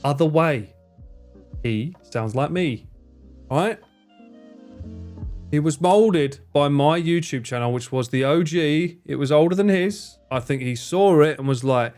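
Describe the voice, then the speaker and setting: A young man chats casually on a live stream and answers his viewers. He swears freely and acts out what his friends said in higher voices. Faint music plays behind him. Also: expressive, measured pace, darkish tone.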